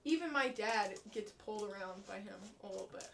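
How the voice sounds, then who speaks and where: A woman's voice: mid-range voice, animated, a little fast, gravelly, fairly bright tone, recorded from a distance. A young woman streaming from home, cooing gushing baby talk to her dog. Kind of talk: casual chat on stream. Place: home indoors. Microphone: headset set aside. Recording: off-mic with faint noise.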